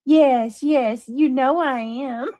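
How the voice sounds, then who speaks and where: A woman's voice: sits high, takes it slowly, dark tone, dry recording, voice pushed up. A woman mimicking a smug bragging mother. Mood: gloating. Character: smug boastful mother, middle-aged woman.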